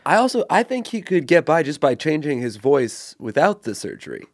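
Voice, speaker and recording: A man's voice: on the high side, very animated, moderate pace, no room sound, studio quality. A man co-hosting a podcast in casual comedic chat, laid-back and teasing. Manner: laid-back, teasing, drops into silly voices. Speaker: podcast co-host.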